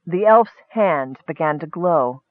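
A man narrating a fantasy story in a steady, measured audiobook reading. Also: a little high, no echo, narrow, tinny audio.

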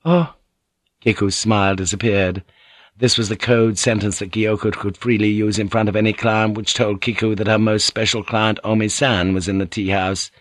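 A man reading a historical novel aloud as an audiobook narrator, in a measured, wry manner. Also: lowish voice, little pitch movement, a bit bright, no room sound. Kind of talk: scripted narration.

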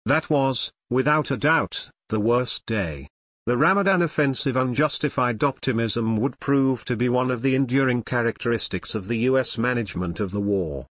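A man reading nonfiction as an audiobook narrator, in a measured, even manner. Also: medium pitch, no echo, studio quality.

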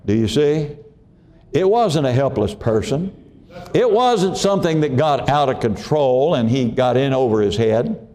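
A pastor preaches in a down-home manner, his dark, medium-pitched voice lively in intonation yet measured in pace. He repeats himself a lot and asks the congregation whether they're keeping up.

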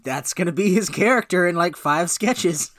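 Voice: medium pitch, expressive, moderate pace, a bit bright. A podcast co-host in casual comedy chat who swears freely and acts out scenes.

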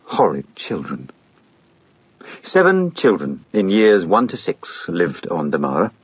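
A man narrating an audiobook in a measured, steady storytelling manner. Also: low-pitched, breathy edge, no echo, dull audio.

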